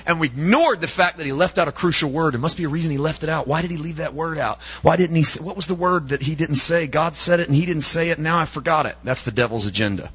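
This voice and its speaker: A man's voice: a little high, quick pace, few pauses, a bit bright, slightly rough, highs cut off. A male preacher delivering an emphatic sermon, often asking his listeners rhetorical questions.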